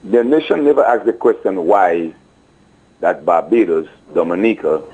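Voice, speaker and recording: A man's voice: low-pitched, expressive, moderate pace, dark tone, slightly rough. A man calling a radio show to make an earnest statement to the nation. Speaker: caller. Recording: muffled phone line.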